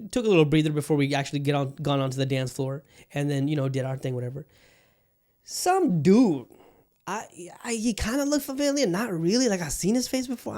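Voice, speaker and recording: A man's voice: on the high side, a little mellow. A man in his thirties from Bangladesh, a podcast host telling a story in a casual, rambling way, swearing freely and leaning on fillers. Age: 30s. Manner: profane, rambling, frequent fillers.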